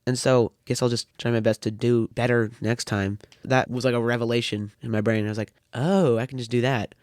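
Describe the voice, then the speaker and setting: A man's voice: medium pitch, steady tone, fairly quick, darkish tone, no room sound. Thirteen-year-old boy, dry close sound. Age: teens. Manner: rambling, dry wit. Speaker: podcast guest. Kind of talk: casual chat.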